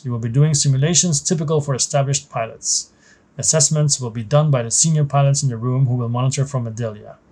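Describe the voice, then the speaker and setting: A man's voice: mid-range voice, a little mellow, lightly acted. A man voicing a stern woman military captain who gives firm, clipped orders, read aloud from a game's story text.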